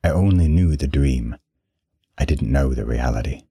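A man reading a dramatic first-person story aloud in a measured way. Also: rumbling low, mellow, breathy edge, dry recording, clean studio sound. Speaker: narrator.

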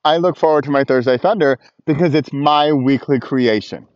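A man vlogging on a frosty beach with his dog speaks casually to the camera, poking fun at himself and frequently laughing. He has a medium-pitched voice and a moderate pace. The audio is dull, with no room sound.

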